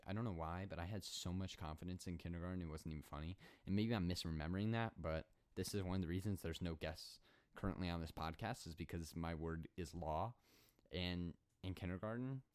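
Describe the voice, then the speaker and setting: A twenty-year-old man hosting a solo podcast, telling school stories in an animated, rambling, sarcastic way. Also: low voice, smooth. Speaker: podcast host.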